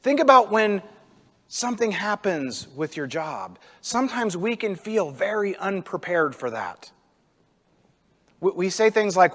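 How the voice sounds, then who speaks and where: Animated male preacher in a reverberant hall. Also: sits high, measured pace. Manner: animated storytelling, acts out quotes with rising energy. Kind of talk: sermon. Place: church sanctuary. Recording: long church hall reverb.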